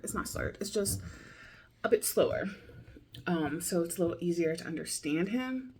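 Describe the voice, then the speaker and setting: A woman's voice: mid-range voice, gravelly, warm tone, a little hiss or hum. A woman learning a language, talking it over casually in a video diary, thinking aloud in a loose, rambling way.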